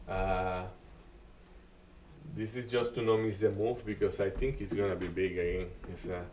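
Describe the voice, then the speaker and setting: A man hosting a live day-trading stream, talking through market moves in a halting way with many restarts and uneven grammar. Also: deep voice, fairly even intonation, darkish tone, recorded from a distance, slight background noise. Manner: halting, restarts often, non-native grammar.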